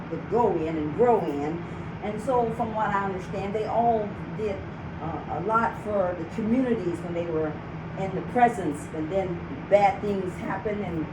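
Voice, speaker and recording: A woman talking casually to her viewers about spirituality, rambling with many fillers and restarts. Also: on the low side. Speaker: channel host. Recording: echoey, distant, with background noise.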